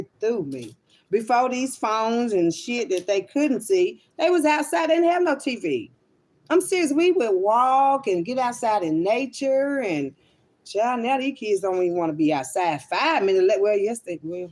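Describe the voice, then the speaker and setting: An online spiritual reader rambles through a casual, unscripted livestream monologue in a mid-range, slightly mellow voice with lively intonation and a moderate pace. She's blunt, swears freely, and calls her viewers child and honey.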